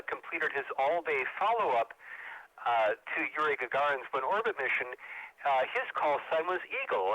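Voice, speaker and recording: A man's voice: mid-range voice, bright, forceful tone, no echo, low-quality recording. A man, a ham radio operator, chatting casually on an amateur radio net in a rambling way with frequent filler sounds. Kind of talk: casual on-air chat over amateur radio.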